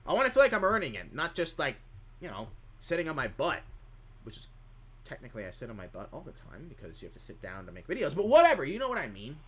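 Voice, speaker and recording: A man's voice: a little high, huge pitch swings, fast, fairly bright tone, breathy edge. A man streaming live, chatting casually in a rambling way as he reads chat questions aloud and answers them.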